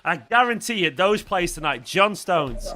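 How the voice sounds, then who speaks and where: Brief: male host in his 30s, bright and slightly high, animated live-stream fan chat. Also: moderate pace. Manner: animated, swears freely, reads out viewer comments.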